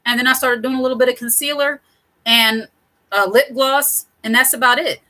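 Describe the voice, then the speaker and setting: A woman's voice: a little high, steady tone, normal speed, pushed and bright, low-quality recording. A middle-aged woman hosting her own channel, giving casual advice straight to camera in a chatty, digressive way with frequent laughs. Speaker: channel host.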